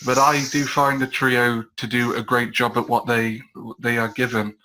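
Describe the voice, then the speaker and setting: A man giving a measured opinion as a panelist on a casual review chat over a video call. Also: mid-range voice, flat delivery, pushed and bright, slight background noise, rough recording. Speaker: podcast panelist.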